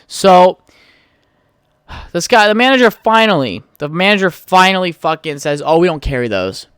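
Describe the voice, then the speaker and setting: A man's voice: high-pitched, big pitch swings, moderate pace, a bit bright, clear, resonant tone, no echo, studio quality. A young man hosting his own podcast, telling a heated, profane story in a casual rant. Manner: profane, heated storytelling, trails off while texting. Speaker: podcast host.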